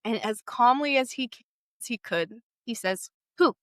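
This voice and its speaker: A young woman sharing a painful personal story, halting and emotional, with frequent fillers. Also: fairly high pitch, animated, a bit bright, no room sound, studio quality. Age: young adult.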